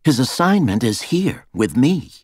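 Male reader doing a demanding young first daughter, audiobook thriller, pushed-up pitch. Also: very animated, measured pace, darkish tone, no echo, studio quality. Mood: insistent. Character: young woman, president-elect's daughter, tense and insistent.

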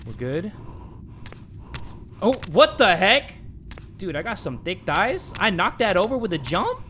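A young man commentating a horror game, excitable and jokey, dropping to a hush and then shouting. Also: sits high, unhurried, pauses often, a little hiss or hum. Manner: excitable, jokey, swings between hushed and shouting. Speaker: gaming commentator.

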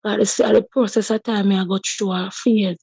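Husky Jamaican woman telling her story. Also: mid-range voice, steady tone, moderate pace, dark tone, no room sound. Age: 30s. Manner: emotional storytelling in Jamaican patois. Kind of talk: personal testimony.

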